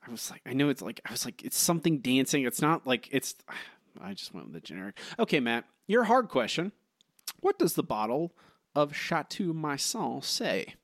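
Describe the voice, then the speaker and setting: A man's voice: medium pitch, sing-song, moderate pace, dry recording, clean studio sound. A man co-hosting a podcast in casual trivia chat, teasing his partner and rambling through answers with many fillers. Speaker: podcast co-host.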